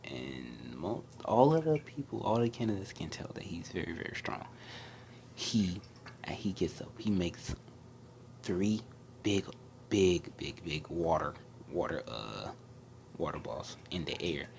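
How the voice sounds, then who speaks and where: A young man casually retelling an anime fan story in a hushed, often half-whispered way, with lots of restarts and fillers. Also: deep voice, big pitch swings, a little slow, creaky, slight background noise.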